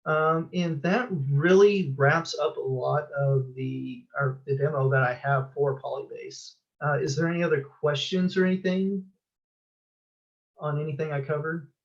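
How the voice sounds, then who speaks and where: A man presenting a technical talk at a user group meeting, talking in a halting way with many filler sounds. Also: a little high, fairly even intonation, dull audio.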